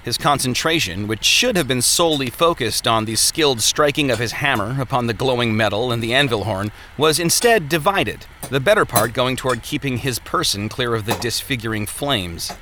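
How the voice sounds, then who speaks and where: A man reading an audiobook in a measured, descriptive way. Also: mid-range voice, lively intonation, pushed and bright, a little hiss or hum. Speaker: narrator. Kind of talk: scripted audiobook narration.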